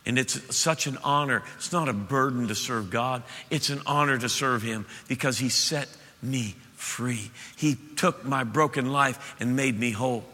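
A male pastor preaching an impassioned sermon to his church, swelling to loud peaks. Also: mid-range voice, measured pace, few pauses. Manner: impassioned, rising to shouts at peaks. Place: church auditorium. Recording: reverberant church hall.

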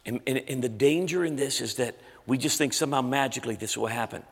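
Recorded live in a big, echoing church auditorium with faint music behind him, a middle-aged pastor delivers a sermon full of intense conviction. His mid-range voice is fast and slightly rough, and when he tells a story he strains it hard at emotional peaks, building to shouts.

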